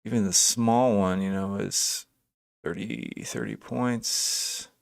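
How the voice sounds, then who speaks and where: A man's voice: on the low side, steady tone, slow, vocal fry, smooth. Man musing over trading charts. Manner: thinking aloud, hesitant, frequent fillers and self-corrections; greets chat viewers by name. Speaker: day trading live streamer. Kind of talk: casual live market commentary.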